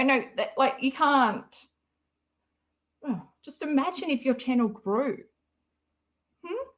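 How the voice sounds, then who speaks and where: Slow, sarcastic woman, higher voice. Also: fairly bright tone. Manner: sarcastic, mocking, rambling. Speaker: live-stream commentary host. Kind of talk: casual live-stream commentary.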